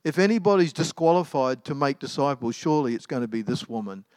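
With lively intonation and a quick pace, a middle-aged man preaches a sermon like he's telling stories, using many fillers and restarts. His medium-pitched voice is a little mellow, recorded dry.

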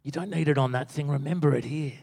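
A man voicing a gentle old male pastor mentor who speaks quietly, slowly and earnestly. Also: a little high, creaky.

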